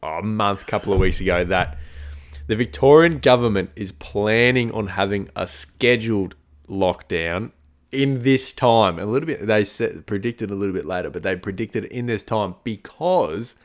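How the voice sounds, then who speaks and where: A man's voice: on the low side, moderate pace. A young Australian man co-hosting a casual pub-style podcast chat, laid-back and slangy, laughing often. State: coughing. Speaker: podcast co-host.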